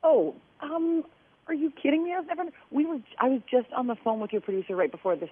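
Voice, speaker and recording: A woman's voice: high voice, fairly quick, a little mellow, husky. A woman calling in as a guest on a casual chat, telling funny, self-deprecating stories. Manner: self-deprecating, laughing storyteller. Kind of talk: casual chat over the phone. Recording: tinny phone line.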